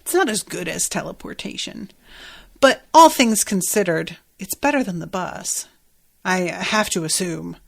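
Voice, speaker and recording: A woman's voice: fairly low pitch, lively intonation, measured pace, creaky. A woman hosting a podcast, recapping a TV episode in a chatty, profane way and laughing often. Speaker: podcast host.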